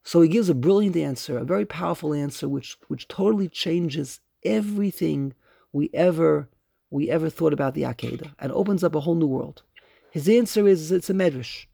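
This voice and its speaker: A man teaching a religious class to a group, emphatic and animated, slowly chanting quoted verses and asking pointed questions. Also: on the high side, vocal fry, slightly rough, no room sound, studio quality. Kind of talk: religious study lecture.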